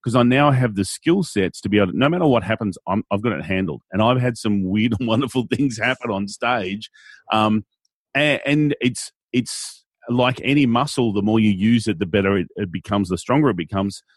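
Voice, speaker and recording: Australian male MC guest, husky mid voice, dry close sound, animated. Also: lowish voice, normal speed, dry recording. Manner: animated, playful, acts out quotes in silly voices. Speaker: guest, event MC. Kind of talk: conversational interview.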